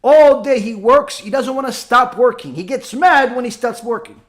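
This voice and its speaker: A man's voice: very high-pitched, normal speed. A man voicing an anxious disciple who owns a horse ranch, pleading with his teacher in a retold story.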